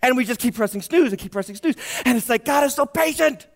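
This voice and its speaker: A man preaching a sermon, animated and jokey, acting out voices and alarm-clock beeps. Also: very high-pitched, fast talker, vocal fry. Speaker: pastor.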